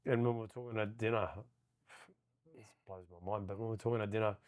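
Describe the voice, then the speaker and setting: A man's voice: on the low side, steady tone, fast. A man hosting an interview, prompting his guest with conversational questions. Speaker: interview host.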